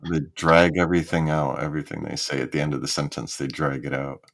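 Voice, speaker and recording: A man's voice: very deep voice, level tone, fast, vocal fry, fairly bright tone. A man in casual chat, rambling and hesitant.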